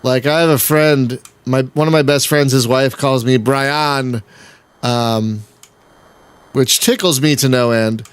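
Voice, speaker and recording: A gaming channel host chats and rambles through a casual let's-play, laughing often and sometimes erupting in exasperation. His medium-pitched voice is fairly even and clean, and he takes it slowly.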